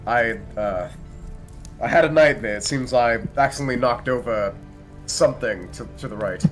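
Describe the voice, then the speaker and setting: A man's voice: mid-range voice, normal speed, soft background music, close to an everyday voice. A man voicing a frantic man haunted by dreams of his father, speaking in a shaken, stammering way.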